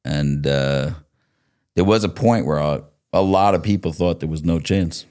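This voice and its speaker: A middle-aged male host with a very deep voice leads a casual interview. He talks directly and bluntly, like someone chatting with a longtime friend. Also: measured pace, darkish tone. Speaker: podcast host.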